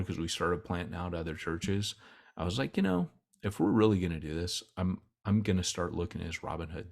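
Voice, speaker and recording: A man giving a casual webinar talk as a church planting trainer, rambling with many restarts, speaking over a video call. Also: sits low. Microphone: computer mic on a video call.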